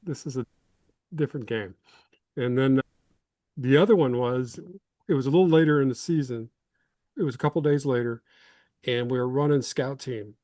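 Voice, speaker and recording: A man's voice: mid-range voice, moderate pace, pauses often, mellow, no echo. Self-deprecating middle-aged storyteller man. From Illinois. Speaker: guest, former college football lineman. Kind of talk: casual interview storytelling.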